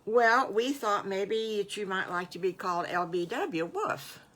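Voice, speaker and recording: An older woman voicing a gentle, motherly farmer's wife who speaks in a soothing, reassuring way. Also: mid-range voice, lively intonation, a little slow.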